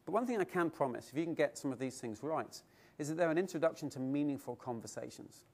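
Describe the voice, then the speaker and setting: A man's voice: a little high, fast. A middle-aged man giving a keynote speech at a conference, telling stories and asking his audience rhetorical questions. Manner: lively storytelling with rhetorical questions. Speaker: keynote speaker. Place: conference hall.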